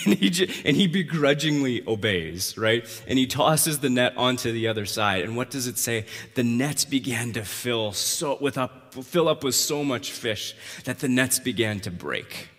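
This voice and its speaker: A male pastor preaching a conversational sermon that rises to emphatic, loud passages. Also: mid-range voice, lively intonation, normal speed. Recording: long hall reverb.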